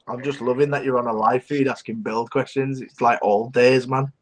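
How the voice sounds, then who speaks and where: A man's voice: mid-range voice, fairly even intonation, moderate pace. A man co-hosting a casual podcast, laddish and sweary, often laughing. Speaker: podcast co-host. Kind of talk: casual chat.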